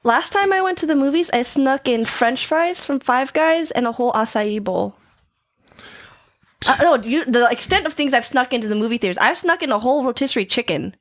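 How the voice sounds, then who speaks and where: A woman chatting casually as a podcast guest in a playful, giggly way. Her voice sits a little high. The studio sound is dry and close. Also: animated, a little fast, dry recording.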